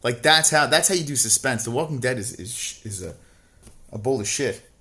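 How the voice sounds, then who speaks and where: Reading chat messages from viewers, a livestream co-host replies spontaneously in casual, profane talk, his mocking remarks often turning into loud, fed-up rants. He speaks fairly quickly and animatedly at a typical male middle pitch.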